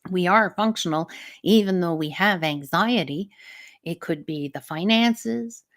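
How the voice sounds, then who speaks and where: A woman's voice: fairly low pitch, unhurried. A middle-aged woman, a stress management coach and teacher, talking through a live show in a reflective way and often asking the listener questions.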